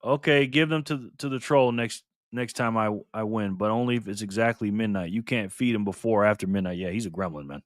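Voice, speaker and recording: A livestream host reads viewer comments aloud in a loose, laid-back style, calling people "man" and "brother" while repeating and restarting phrases. His voice is fairly low, a little fast with few pauses, recorded in studio quality with no room sound.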